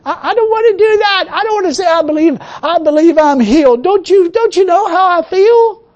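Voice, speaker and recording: A preacher putting on a whimpering self-pitying voice. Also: male voice, very high-pitched, expressive, fairly quick, a little mellow, highs cut off, pitched above the performer's own voice. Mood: whining. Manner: whimpering, pleading for sympathy. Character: whiny self-pitying inner flesh, grown man.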